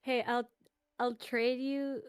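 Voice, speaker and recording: A woman's voice: fairly high pitch, level tone, slow pace, clean tone, dry recording, clean studio sound. A woman playing a tabletop game, teasing and bargaining in character. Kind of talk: casual in-character chat.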